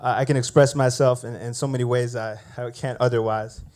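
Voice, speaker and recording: A man at an open mic, chatting casually between songs about playing bass, laughing and rambling with fillers while catching his breath. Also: fairly even intonation, fairly quick, a little mellow.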